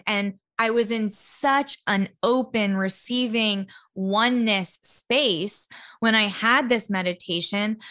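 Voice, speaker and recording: A woman's voice: fairly high pitch, sharp tone. A woman talking casually and earnestly in a solo podcast monologue, chatty and spiritual, filling her speech with "like". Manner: chatty, heartfelt, spiritual, full of "like" fillers. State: emotional, near tears at times. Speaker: podcast host.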